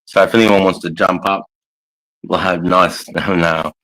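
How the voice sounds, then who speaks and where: A man's voice: sits low, steady tone, unhurried, a bit bright, rough recording. A middle-aged Australian man hosting a livestream from his couch at home, chatting in a casual, sweary way and calling everyone mate. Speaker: livestream host. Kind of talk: casual live chat.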